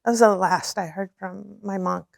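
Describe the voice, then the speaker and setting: A woman's voice: mid-range voice, fairly even intonation, normal speed, gravelly, no echo, clean studio sound. A middle-aged woman as an interview guest, telling her personal story earnestly, repeating words and laughing often.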